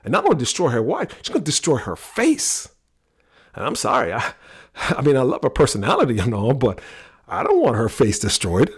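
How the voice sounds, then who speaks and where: A middle-aged man hosting a talk on personality types, telling a story in an animated way. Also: medium pitch, a little fast, husky. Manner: animated storyteller, acts out quoted voices. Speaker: podcast host teaching personality types.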